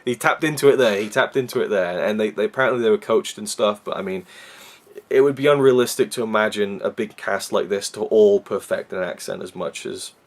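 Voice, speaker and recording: A man from Wales with a Welsh accent, reviewing a film in a casual, rambling way with many fillers and restarts. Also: lowish voice.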